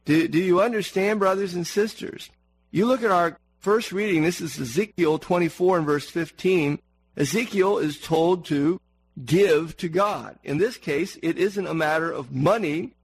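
A man's voice: a little high, unhurried, vocal fry, breathy edge, low-quality recording. A man preaching a sermon in an earnest manner, repeating words for emphasis and asking the congregation questions.

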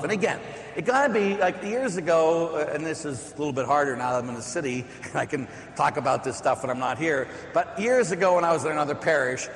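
A middle-aged man, a priest, preaching a sermon with stories, slowing down to stress key lines. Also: high-pitched, a bit bright, in a large hall. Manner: storytelling, emphatic with slow stressed lines. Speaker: Catholic priest.

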